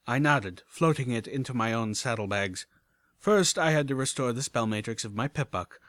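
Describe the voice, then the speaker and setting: Male audiobook reader, mid-pitched, steady narration, dry close mic. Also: moderate pace, dry recording. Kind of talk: first-person audiobook narration.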